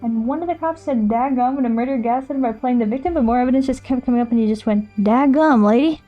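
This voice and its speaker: A woman streamer chatting casually while she plays a game, rambling, thinking out loud and answering her chat. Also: on the high side, rapid-fire, dull audio, soft background music.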